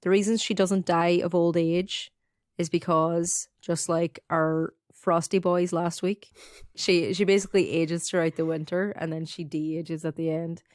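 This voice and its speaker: The voice is a young Irish woman's, low-pitched and close, in a dry, dead room. She chats casually through old folklore, with quick asides and the odd swear word. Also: little pitch movement, a little mellow, no room sound. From Ireland. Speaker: podcast co-host. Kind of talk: casual chat, retelling folklore.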